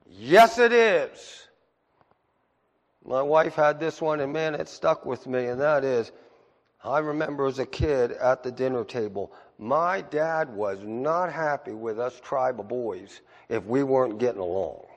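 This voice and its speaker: A man preaching a sermon as pastor, moving from low asides to high, emphatic peaks. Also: measured pace, in a large hall.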